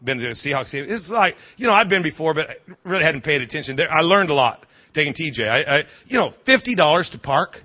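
Chatty high-voiced male pastor. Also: very animated, fast. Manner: chatty, restarts often, asks the congregation. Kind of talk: storytelling sermon. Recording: slightly dull recording.

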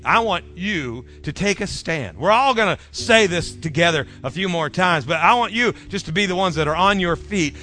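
A man preaching a sermon as pastor, in a rhythmic style that drops soft at phrase ends and leads the congregation in repeating lines. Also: high voice. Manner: leads congregation in call-and-response.

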